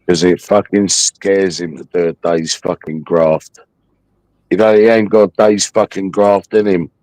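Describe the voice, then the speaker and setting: A man's voice: sits low, little pitch movement, a little slow, a little mellow, no echo. A man hosting a livestream, taunting a viewer in a mocking, aggressive rant full of swearing. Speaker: livestream host.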